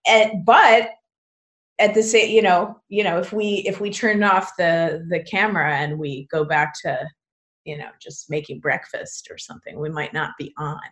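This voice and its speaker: A woman's voice: fairly low pitch, fairly even intonation, normal speed, fairly bright tone. A woman who teaches belly dance, talking with a podcast host in casual, chatty conversation over a video call, with many fillers and frequent laughs.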